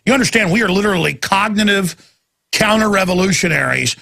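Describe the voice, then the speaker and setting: A man's voice: high voice, lively intonation, brisk, vocal fry, sharp tone. A man hosting a talk radio show, ranting emphatically in a heated monologue and taking callers. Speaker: radio host.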